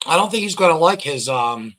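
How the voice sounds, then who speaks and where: Host, man, bright tense voice, slightly high, rambling scornful commentary. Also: lively intonation, a little fast. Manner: rambling, repeats phrases, scornful. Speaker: online show host. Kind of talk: casual commentary reading out records.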